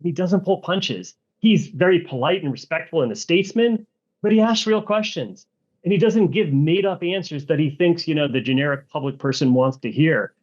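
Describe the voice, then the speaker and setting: A man as an interview guest, answering earnestly and in a measured way, with clear enthusiasm. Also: fairly high pitch, darkish tone, dull audio. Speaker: guest, energy analyst.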